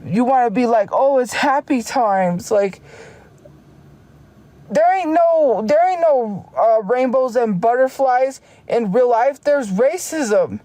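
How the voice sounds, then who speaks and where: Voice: mid-range voice, expressive, warm tone, no echo. Heated livestreamer ranting casually. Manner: heated, talks fast and restarts sentences often. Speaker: live streamer.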